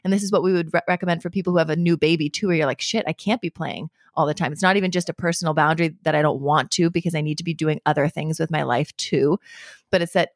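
A woman's voice: sits low, steady tone, quick pace, no room sound, clean studio sound. A woman guest giving casual, reassuring parenting advice in conversation.

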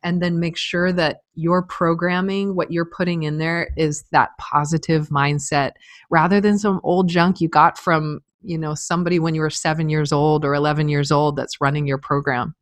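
A woman's voice: sits low, steady tone, moderate pace, dry recording. A middle-aged woman telling a personal story as an interview guest, candid and earnest, with frequent filler words.

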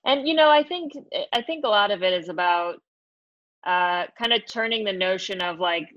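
A woman's voice: medium pitch, moderate pace, a bit bright, lo-fi sound. A woman author talking about her book in an interview, thoughtful and loose with fillers. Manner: thoughtful, with many fillers and restarts. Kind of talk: interview chat.

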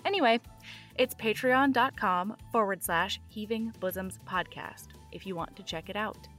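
A woman's voice: medium pitch, moderate pace, fairly bright tone, faint music behind. A woman podcast host reading an upbeat promotional outro.

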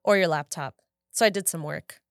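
A woman in her thirties co-hosts a casual podcast, chatting away as she tells stories, quoting herself and laughing often. Her voice is low and her pace moderate, captured as a dry, clean studio recording.

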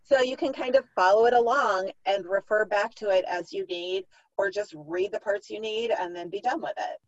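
A woman's voice: mid-range voice, normal speed, dry recording. Middle-aged woman guest, practical and explanatory, dull lo-fi dry audio. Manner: explanatory, practical, acts out parents' thoughts. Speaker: author and clinician guest. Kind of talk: podcast interview.

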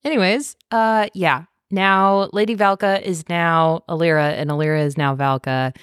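A young woman co-hosting a podcast, chatting casually about a novel, laughing often and slipping into quick character voices. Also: fairly low pitch, fairly even intonation, clean tone, no echo, studio quality. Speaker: podcast co-host. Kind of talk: casual book discussion.

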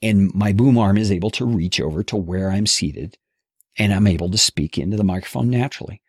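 Expressive male course instructor, husky and gravelly, close dry studio sound. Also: on the low side, fairly quick, no echo. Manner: expressive, animated delivery. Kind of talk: instructional podcast teaching. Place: home studio, seated at a table. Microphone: studio mic on boom arm, close.

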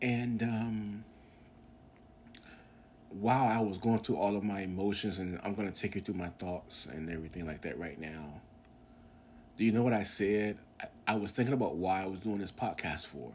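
A man's voice: sits low, normal speed, pauses often, darkish tone, a little hiss or hum. A man in his forties hosting a podcast, talking in an earnest, rambling monologue with many fillers and restarts. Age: 40s. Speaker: podcast host. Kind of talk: casual religious podcast monologue.

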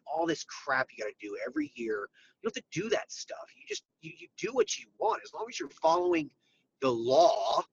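Gravelly, lively man heard from afar. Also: a little hiss or hum. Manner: emphatic, agreeable, lively swings in pitch. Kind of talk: casual podcast chat. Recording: distant, dull lo-fi mic.

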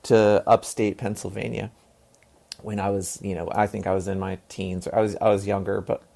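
A man's voice: on the low side, little pitch movement, moderate pace, gravelly, a little mellow. A man in his forties from the American South, answering as an interview guest in a loose, rambling way. His talk is full of fillers and restarts, with the occasional blunt swear. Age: 40s. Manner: rambling, heavy on fillers and repeated "and", casual swearing. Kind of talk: casual conversational interview.

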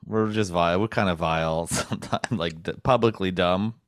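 A man's voice: low voice, moderate pace, no echo, studio quality. A man in his twenties co-hosting a podcast in casual comedic chat, laughing often and talking loose and crude. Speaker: podcast co-host.

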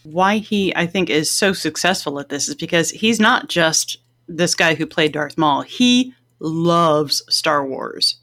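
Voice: mid-range voice, expressive, slow, a bit bright. A podcast co-host in casual chat, speaking as an enthusiastic fan. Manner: enthusiastic fan, chatty, laughs often.

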